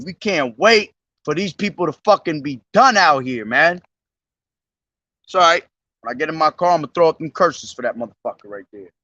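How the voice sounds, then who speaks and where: Holding his own camera, a young man preaches at a bus station, first reading scripture out slowly, then dropping into profane street slang. His voice is a little high with a sharp tone, and the dull audio has no room sound.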